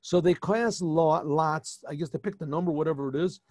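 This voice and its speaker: A man, a rabbi, retelling a scripture story to his class in an animated way, often restarting and adding asides. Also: a little high, normal speed, dry recording. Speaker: rabbi teaching a yeshiva class. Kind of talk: informal storytelling lesson.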